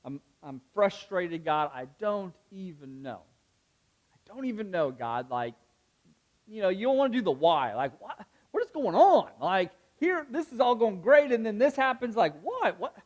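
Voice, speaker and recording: A young male pastor preaching in a lively, conversational way, packed with "like" and quick asides. His voice sits high and swings up as he gets excited. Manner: animated, conversational preaching with many fillers. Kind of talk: sermon.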